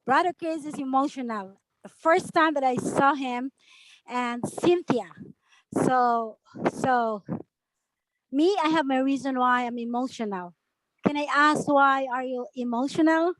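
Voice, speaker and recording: High-voiced heartfelt woman on a phone. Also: a little slow, no echo, low-quality recording. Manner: heartfelt, repeating herself. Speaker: call participant. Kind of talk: casual group video call.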